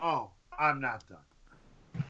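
A man co-hosting a podcast in casual chat, animated and argumentative, at times bursting into shouts. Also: medium pitch, drawn-out words, muffled recording, noisy background. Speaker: podcast co-host.

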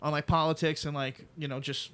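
A young man with a slightly high voice hosting a casual podcast. He chats loosely and excitedly, swearing as he goes. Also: brisk. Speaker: podcast host. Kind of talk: casual chat.

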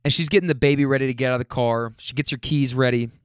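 A man's voice: medium pitch, steady tone, fast, smooth, no room sound, studio quality. A man casually telling a story, chatty and laid-back, with profanity and self-deprecating asides. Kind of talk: casual spoken anecdote.

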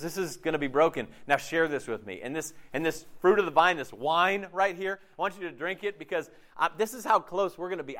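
A man preaching a casual, jokey sermon, acting out quotes with lively swings in his voice. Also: a little high. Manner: animated, jokey, acts out quotes. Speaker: pastor.

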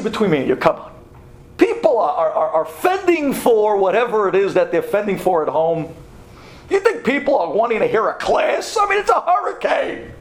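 A man's voice: high voice, wildly swooping pitch, normal speed, reverberant, slight background noise. A man giving a Torah class, telling a story and acting out both sides of the dialogue.

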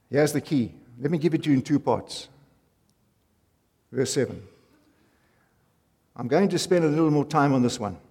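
A man preaching a sermon, emphatic, repeating key phrases and swinging from loud to soft. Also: fairly high pitch, husky. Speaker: pastor. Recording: long hall reverb.

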